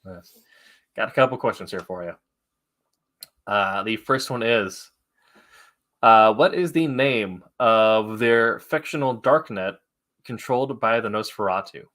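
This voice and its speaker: A man hosting a casual online trivia game, relaxed and laughing often, with many fillers. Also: on the low side, unhurried, long pauses. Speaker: trivia host.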